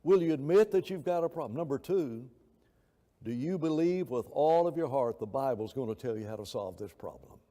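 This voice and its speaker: A man's voice: mid-range voice, lively intonation, moderate pace, warm tone. A man teaching a Bible class in a conversational, rambling way, telling anecdotes and acting out quoted voices. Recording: long reverb of a church hall.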